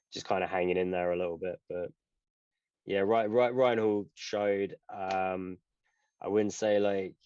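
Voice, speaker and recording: A man's voice: low voice, darkish tone, clear, resonant tone, dry recording. A man co-hosting a podcast, talking casually in a rambling way with lots of fillers and swearing. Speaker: podcast co-host. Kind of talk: casual chat. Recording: muffled, dry lo-fi sound.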